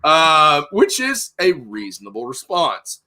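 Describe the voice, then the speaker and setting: A young man hosting a podcast, telling a profane, animated story in casual chat. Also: a little high, takes it slowly. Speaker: podcast host.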